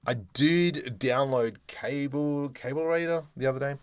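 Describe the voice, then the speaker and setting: A 3D artist from Adelaide, Australia, talks through his live-streamed modeling tutorial in a clean, medium-pitched voice at an unhurried pace. His Australian accent carries a chatty, joking manner as he murmurs to himself while working.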